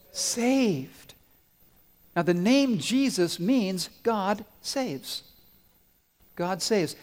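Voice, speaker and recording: A man leads a children's sermon in a church, his fairly high voice carried off by a long hall reverb. He quizzes the kids and waits for their answers, then tells stories with lively swings up to loud peaks. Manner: animated storyteller, swells loud on climaxes. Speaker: pastor giving a children's sermon. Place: church sanctuary.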